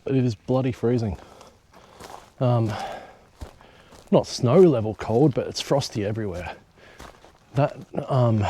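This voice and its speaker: A young man records himself on an overnight hike, talking easily to the camera from a bush campsite and now and then cracking jokes or cursing in this solo vlog. He has a mellow, lowish voice.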